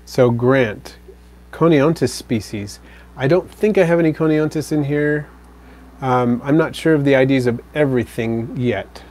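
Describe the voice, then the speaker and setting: Relaxed man chatting on a live stream. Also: mid-range voice, unhurried. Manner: relaxed, rambling, with fillers and self-corrections. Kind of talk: casual live stream chat answering viewers.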